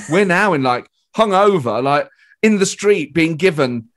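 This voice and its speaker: Lively high-pitched British man telling a story. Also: normal speed. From Britain. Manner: lively anecdote teller who acts out quotes, swears freely. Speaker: comedian guest. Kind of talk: animated storytelling in casual chat.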